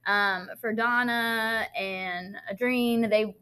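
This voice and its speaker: A woman, a teacher co-hosting a podcast, telling stories in casual chat, animated and laughing often. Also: a little high, slow pace, clean tone.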